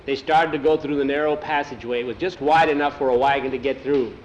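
A man's voice: mid-range voice, steady tone, fast, slight background noise. A man telling an adventure story aloud, often repeating "he says" between lines. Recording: dull lo-fi recording.

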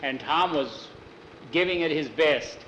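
A man telling a homespun story aloud in a relaxed, plain-spoken way. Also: a little high, measured pace, dull audio. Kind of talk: folksy oral storytelling. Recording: echoey room, faint traffic.

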